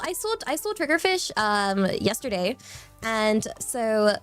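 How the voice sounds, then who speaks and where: A young southern English woman with a slightly high voice chats on her live stream, bubbly and rambling and piling up repeated words. Faint music plays quietly behind her. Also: big pitch swings, takes it slowly, smooth. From southern England. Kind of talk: casual live-stream chat.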